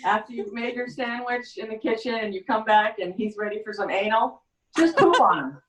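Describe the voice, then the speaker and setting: A woman doing a stand-up comedy set with a rambling, halting deadpan delivery, often trailing off and restarting. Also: a little high, a crowd in the background. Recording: echoey room, far from the mic.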